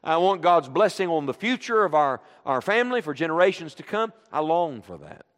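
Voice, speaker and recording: A middle-aged man preaching a sermon to a congregation, leading call-and-response with an animated delivery. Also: a little high, a little fast. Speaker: guest preacher. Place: church sanctuary. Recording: long reverb of a church hall.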